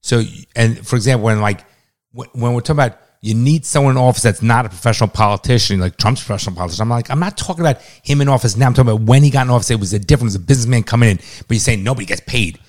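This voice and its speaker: A man's voice: medium pitch, racing, a little mellow. A middle-aged man, a father, arguing heatedly with his son, exasperated, swearing and talking over him. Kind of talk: heated family argument.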